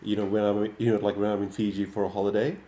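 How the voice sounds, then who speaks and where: A man's voice: fairly low pitch, little pitch movement, quick pace, mellow. An Australian man chatting on a podcast, hesitant with repeated fillers, in an echoey room with faint noise. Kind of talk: casual chat.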